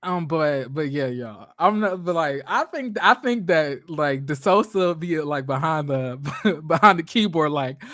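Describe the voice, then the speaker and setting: Young male streamer, high voice, dry close mic, rambling gossipy reality-TV commentary full of fillers. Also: lively intonation, measured pace, fairly bright tone, dry recording. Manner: chatty, profane, laughing often, many fillers and restarts. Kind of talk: casual reaction commentary.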